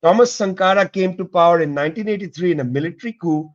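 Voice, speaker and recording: Middle-aged male guest historian, passionate commentary, higher-pitched voice, muffled lo-fi audio. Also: fast. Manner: emphatic, addresses listeners directly. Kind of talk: impassioned political commentary.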